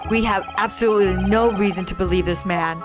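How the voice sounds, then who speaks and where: A woman voicing a cold, haughty male prosecutor with a slow, dismissive delivery. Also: mid-range voice, fairly even intonation, music in the background, pitched below the performer's own voice, natural voice.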